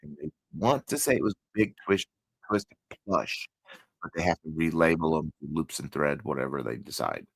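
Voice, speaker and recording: Texan male host, deep fry-heavy voice, casual rambling chat, dry close sound. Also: expressive, normal speed, no room sound, rough recording. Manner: rambling, self-correcting, chatty. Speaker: crochet channel host.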